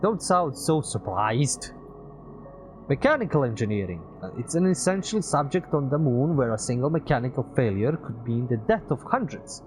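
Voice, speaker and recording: A man's voice: medium pitch, sing-song, moderate pace, a little mellow, voice pushed up, natural voice, poor audio. Man voicing a grieving former teacher. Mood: earnest. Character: weary male ex-teacher, grieving, earnest. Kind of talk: reading game dialogue aloud. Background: music.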